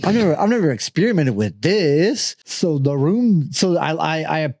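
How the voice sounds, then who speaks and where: A young man hosting a podcast, telling a party story casually, swearing constantly, laughing through it and jumping to a high voice to quote people. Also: moderate pace, no room sound, clean studio sound. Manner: profane, laughing, animated storytelling; jumps to a high voice when quoting others. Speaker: podcast host.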